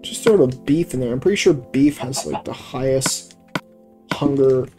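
Over background music, a let's play gamer narrates his gameplay in a dark-toned, mid-range voice at a moderate pace. He wanders off topic, curses, and gets exasperated easily, all captured in low quality on a cheap home mic.

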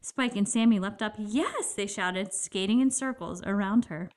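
A woman narrating a children's picture book aloud, with expressive storytelling. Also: mid-range voice, normal speed.

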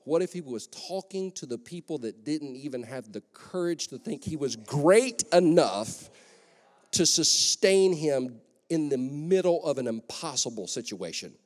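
A man preaching a lively sermon as pastor, conversational and joking, in a large church hall. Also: on the high side. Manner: energetic, conversational, joking asides. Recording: long echo of a church hall.

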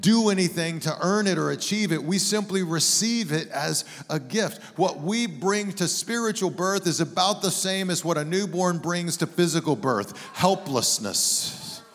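Man, pastor, sermon, chatty storyteller, somewhat high voice, long hall reverb. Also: expressive, a little slow, few pauses, fairly bright tone. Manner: conversational, joking storyteller. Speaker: guest pastor. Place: church sanctuary.

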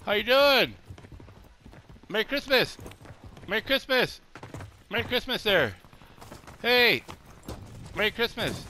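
A man's voice: high-pitched, very animated, slow, long pauses, pushed and bright, slight background noise. An older man and grandfather, chatting casually while gaming and jokingly wishing opponents a merry Christmas. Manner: jokey, greets enemies with holiday wishes. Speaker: gamer streamer. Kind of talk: casual game chat.

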